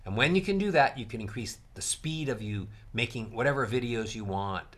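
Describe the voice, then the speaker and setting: A male coach teaching speaking technique in a lively, bright voice. His pitch rises and falls a lot as he shows how to stress words. He talks straight to the viewer, sometimes loud and sometimes near a whisper. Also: brisk. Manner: expressive, demonstrates emphasis with big swings in pitch and volume. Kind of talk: instructional talk to camera.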